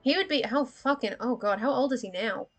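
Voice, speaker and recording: A young adult woman hosts a casual livestream chat, rambling in a brisk, candid, sweary way and laughing often as she talks. Her voice is a little higher than most, with faint music playing underneath.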